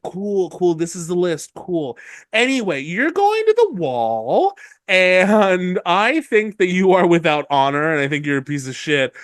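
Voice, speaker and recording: Animated, high-voiced podcast man. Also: no room sound, studio quality. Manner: jokey, animated retelling with quick voices for characters. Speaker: podcast co-host. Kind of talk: casual chat recapping a book chapter.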